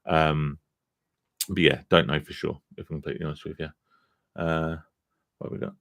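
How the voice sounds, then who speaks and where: A man's voice: extremely low pitch, level tone, normal speed, gravelly, a bit bright, no room sound, studio quality. A man hosting a casual live stream about gambling recovery, chatty and self-deprecating, tired after a long day, swearing casually as he reads viewer comments.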